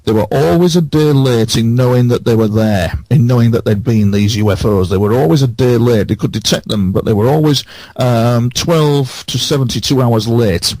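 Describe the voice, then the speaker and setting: A man on a radio show who recounts his experiences earnestly, halting and repeating phrases for emphasis. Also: medium pitch, a little mellow, no room sound. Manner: halting, with many false starts.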